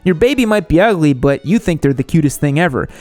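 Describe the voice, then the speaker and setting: A man's voice: on the high side, fast talker, faint music behind. Man hosting a jokey motorcycle vlog. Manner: deadpan jokey delivery with sudden animated outbursts. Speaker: motorcycle channel host. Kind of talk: comedic scripted narration.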